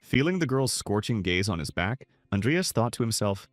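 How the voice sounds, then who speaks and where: A man's voice: on the low side, lively intonation, fast, few pauses, no echo. A man narrating a scripted story recap.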